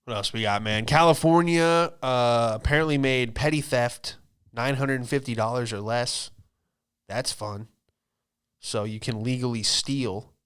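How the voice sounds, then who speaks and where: Guy on a comedy podcast, smooth resonant voice, swears a lot, riffs and does little bits. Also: medium pitch, fairly bright tone. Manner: loose, profane, riffing with quick put-on quote voices. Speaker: podcast host, stand-up comedian. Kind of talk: casual comedic monologue.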